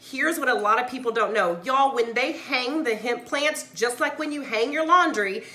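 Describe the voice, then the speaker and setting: Speaking at a moderate pace in a high, bright voice, this fired-up woman is a mother and CBD oil seller who vlogs. She rants emphatically to live-stream viewers and reads their comments in an echoey room, repeatedly asking "right?" and "okay?"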